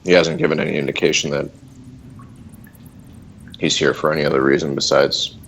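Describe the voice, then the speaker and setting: A man playing in a tabletop game, reasoning cautiously in a measured way. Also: rumbling low, level tone, gravelly, a bit bright, a little hiss or hum, rough recording. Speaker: player. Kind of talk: casual game talk.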